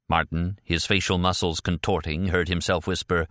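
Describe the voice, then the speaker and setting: A man narrating a thriller audiobook in a measured, even way. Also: sits low, no echo, clean studio sound. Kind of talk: scripted narration.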